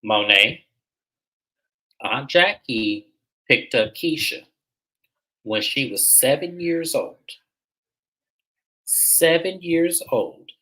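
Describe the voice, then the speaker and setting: Bright, emphatic recap host. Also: mid-range voice, lively intonation, slow pace, pauses often, rough recording. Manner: emphatic, opinionated, repeats points for effect. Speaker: reality show recap host. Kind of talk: casual recap commentary.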